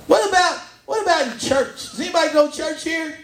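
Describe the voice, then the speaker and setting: A man's voice: very high-pitched, a little fast, reverberant, slight background noise. A man performing a stand-up comedy set on a pub stage, chatting with the crowd and laughing at his own jokes.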